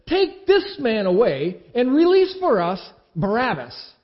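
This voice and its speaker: A man voicing an angry crowd of accusers with loud, drawn-out shouting. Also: very high-pitched, huge pitch swings, voice pushed up, exaggerated voice. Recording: dull lo-fi recording.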